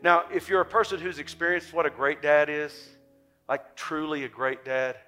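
An older man preaching a sermon, moving from quiet reflection to loud, impassioned urging. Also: fairly high pitch, steady tone, moderate pace, faint music behind. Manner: impassioned, swings from soft to loud. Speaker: pastor.

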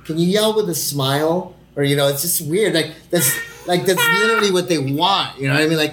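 A man who is an actor, talking casually with lots of swearing and quick impressions of people he quotes. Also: a little high, a bit bright, echoey room. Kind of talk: casual podcast chat.

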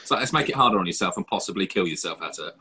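Husky, animated man in casual chat. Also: low-pitched, racing. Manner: joking, animated storytelling. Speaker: podcast co-host.

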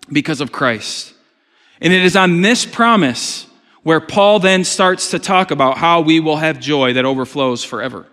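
Guy preaching a sermon, voice on the higher side, chatty with jokes, big church echo. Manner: conversational preaching with jokes, swings between loud emphasis and soft asides. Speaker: pastor. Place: church sanctuary. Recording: long hall reverb.

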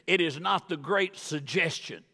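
Emphatic, gravelly male preacher in a reverberant church. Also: measured pace. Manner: emphatic, rising to high excited bursts. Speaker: guest pastor. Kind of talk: sermon. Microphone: wireless body mic with battery pack.

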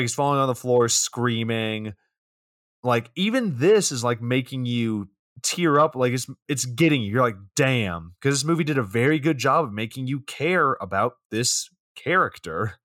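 A man co-hosting a casual movie podcast, relaxed, recapping scenes with many filler words. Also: medium pitch, normal speed, no room sound, studio quality. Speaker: podcast co-host. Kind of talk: casual movie review chat.

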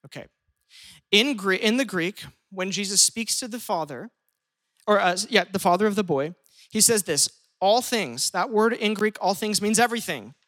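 A pastor preaching a lively sermon, shifting pace often and acting out quoted speech. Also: mid-range voice, normal speed.

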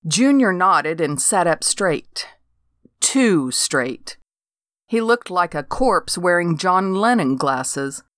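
Slow, wry older woman storyteller. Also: on the low side, sing-song, fairly bright tone, dry recording, studio quality. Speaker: narrator. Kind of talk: first-person story reading.

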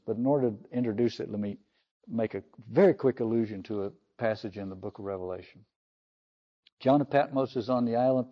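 A man's voice: on the low side, highs cut off. A man preaching a sermon on scripture, earnest and emphatic, rising sharply when he quotes.

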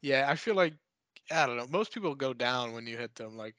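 Deadpan man trading dark podcast jokes. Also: mid-range voice, brisk, dry recording. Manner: deadpan dark humor, swears, fillers like "like". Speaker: podcast co-host. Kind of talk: casual crude chat.

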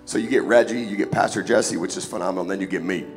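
A man preaching a casual, joking sermon in church, hoarse and sniffling from a cold, often calling for an amen. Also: sits low, racing. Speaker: guest preacher. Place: church sanctuary. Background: music.

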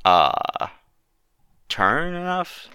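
A man's voice: fairly high pitch, wildly swooping pitch, drawn-out words, bright, forceful tone, clear, resonant tone, dry recording, studio quality. A man co-hosting a podcast, talking casually and thinking aloud with hedges. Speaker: podcast co-host. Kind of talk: casual wrestling chat.

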